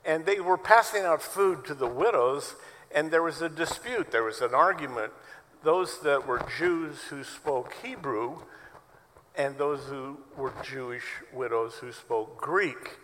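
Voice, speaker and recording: A man's voice: a little high, expressive, measured pace, a bit bright, in a large hall, slight background noise, low-quality recording. A man preaching a sermon as pastor to his church, telling stories in a conversational way. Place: church sanctuary.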